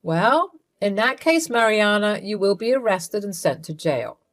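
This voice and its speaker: A woman narrating a first-person story in a measured, coolly resentful way. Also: medium pitch, animated.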